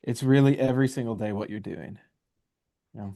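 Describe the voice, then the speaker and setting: A man's voice: medium pitch, normal speed, gravelly, mellow. A man co-hosting a podcast, talking emphatically and profanely in casual chat. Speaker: podcast co-host.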